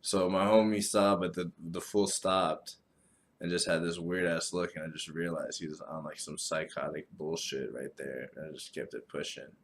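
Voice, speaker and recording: A man hosting a solo podcast, talking casually in a profane, rambling, animated way. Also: low voice, moderate pace, slight background noise. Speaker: podcast host.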